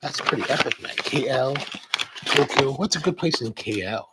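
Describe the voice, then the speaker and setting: A man's voice: mid-range voice, expressive, moderate pace, very noisy. A middle-aged man hosting a coffee channel, rambling casually through a live-stream chat while he unboxes a package. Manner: rambling, chatty storyteller.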